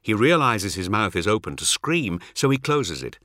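A man reads a dark fantasy novel in a low, unhurried voice. His pitch moves expressively and his tone is bright and forward. The recording is dry and close, like a studio booth. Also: big pitch swings, no room sound. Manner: measured, dramatic reading. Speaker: audiobook narrator. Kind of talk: scripted narration.

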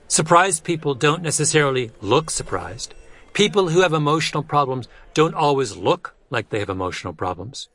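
A man reading a nonfiction audiobook in a measured way, letting his pitch fall low at the end of phrases. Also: lively intonation, fairly bright tone, no echo. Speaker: narrator. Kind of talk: scripted nonfiction audiobook narration.

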